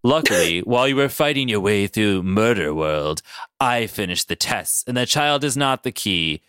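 A man putting on a cold, low villain scientist voice. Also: lively intonation, normal speed, a bit bright, clear, resonant tone, dry recording, studio quality. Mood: cold, matter-of-fact. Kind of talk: casual retelling in a podcast chat.

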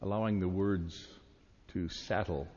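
A man delivering a sermon as a pastor, reading slowly and meditatively. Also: deep voice, fairly even intonation, darkish tone, slight background noise. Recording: echoey hall, dull sound.

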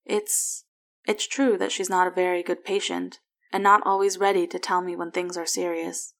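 An earnest, protective expectant father, quietly reassuring, voiced by a woman reading the story. She barely shifts from her own slightly low voice. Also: flat delivery, normal speed.

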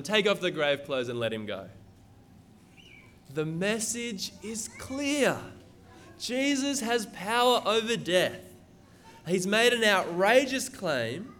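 A man's voice: high voice, fairly bright tone, a little hiss or hum. A man preaching a sermon, reading scripture aloud and explaining it in an earnest, emphatic way. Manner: earnest, emphatic, repeats words when stressing.

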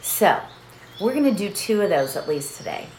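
A woman's voice: medium pitch, very animated, normal speed, darkish tone. A middle-aged woman hosting a meditation session in a casual, chatty way, laughing often and checking in with her listeners. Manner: chatty, laughs often, keeps asking "right?". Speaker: meditation host. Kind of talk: casual chat leading a meditation. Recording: roomy echo with faint background noise.

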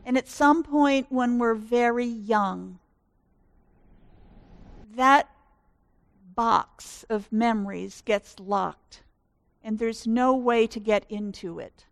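A woman voicing a kindly, curious male doctor in a sermon story, explaining calmly and gently. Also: on the high side, takes it slowly, vocal fry, pauses often, no echo. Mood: gentle.

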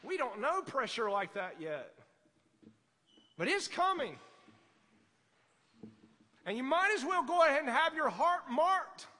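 A man preaching a fervent sermon, swinging from quiet asides to loud exhortation. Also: very high-pitched, sing-song, measured pace, long pauses, in a large hall. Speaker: pastor.

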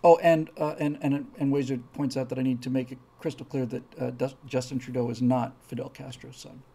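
A man's voice: mid-range voice, little pitch movement, brisk, creaky, warm tone, husky. A man hosting a live stream, rambling through opinionated commentary and reading out viewer comments, heated and emphatic, repeating words as he gets worked up.

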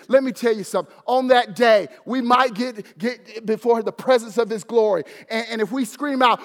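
A man preaching a sermon as pastor, fervent at his peaks and hushed at his close, repeating words as he builds emphasis. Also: very high-pitched, moderate pace, hardly any pauses, a faint crowd. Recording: long hall reverb.

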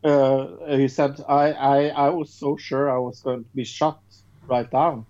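A man's voice: mid-range voice, level tone, a little slow, warm tone, dull audio. A man from Norway co-hosting a casual podcast debate, emphatic and stammering on his starts.

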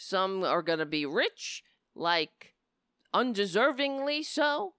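Scornful woman ranting, smooth dry voice. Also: sing-song, takes it slowly, fairly bright tone, dry recording. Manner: sarcastic, scornful, swings to shrill mocking voices. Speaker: political commentator. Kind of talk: angry political rant.

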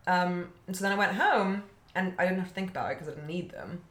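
A woman with a British accent hosting a podcast, telling a story in a chatty way with lively quoted voices. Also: on the low side, fast talker. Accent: British English. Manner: chatty, animated quoting voices. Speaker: podcast host. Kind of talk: casual storytelling chat. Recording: roomy echo.

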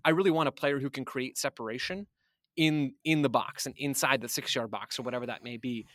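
A man's voice: mid-range voice, a little fast, a bit bright, no echo, studio quality. A man talking as a guest analyst on a podcast, thoughtful and speculative, often restarting his sentences.

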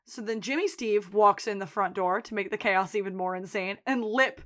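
A woman recaps a TV episode on the podcast she co-hosts, her pitch medium and her speed normal. The talk is casual, animated storytelling, with frequent laughs and dramatized character lines.

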